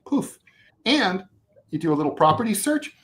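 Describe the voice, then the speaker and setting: Guy on a talk show telling a story, animated, swears a lot, keeps restarting sentences. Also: sits high, normal speed. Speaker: co-host. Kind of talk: casual storytelling chat.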